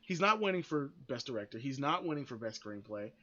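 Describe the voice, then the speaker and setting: A man's voice: mid-range voice, very animated, a little fast, fairly bright tone, dull audio. A man hosting a podcast, giving blunt, opinionated commentary that rambles with frequent restarts and free swearing. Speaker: podcast host.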